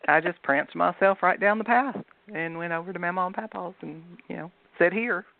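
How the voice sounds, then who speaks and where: A woman's voice: fairly low pitch, brisk, vocal fry, no echo. A woman with a Southern US accent, telling stories as a guest in a casual chat. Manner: chatty storyteller. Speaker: guest author. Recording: dry phone-line audio.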